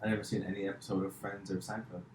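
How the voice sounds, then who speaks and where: A man's voice: low-pitched, little pitch movement, very fast, very noisy. A man hosting a podcast, chatting loosely and rambling with many fillers and restarts. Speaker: podcast host, comedian. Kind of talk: casual chat. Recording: echoey room.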